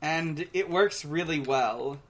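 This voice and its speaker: A man co-hosting a podcast in casual chat, recapping a cartoon in a hesitant, halting way full of pauses. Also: a little high, fairly bright tone. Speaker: podcast co-host.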